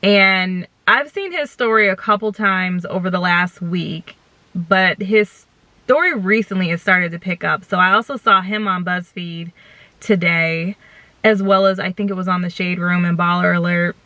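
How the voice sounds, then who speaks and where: A woman's voice: on the low side, moderate pace, bright, forceful tone, dry recording. A young woman vlogger talking earnestly and directly to her viewers, recording from a parked car. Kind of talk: casual chat to camera.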